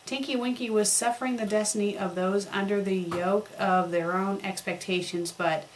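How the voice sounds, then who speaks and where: A woman reading a fan story aloud for comedy, breaking off to mock its spelling and grammar in deadpan asides. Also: mid-range voice, moderate pace, a little hiss or hum. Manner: deadpan mocking commentary on spelling errors. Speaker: fanfic critic reading aloud.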